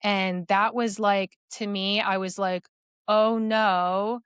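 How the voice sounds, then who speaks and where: Smooth-voiced woman telling her story. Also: mid-range voice, little pitch movement, unhurried, fairly bright tone, no room sound, studio quality. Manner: rambling, lots of "like" fillers. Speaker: podcast guest. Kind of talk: personal storytelling.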